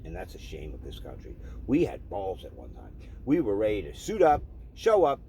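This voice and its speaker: A man's voice: low-pitched, huge pitch swings, moderate pace, dark tone, slight background noise. A man delivering an angry, profane political rant, heated and repetitive. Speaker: vlogger.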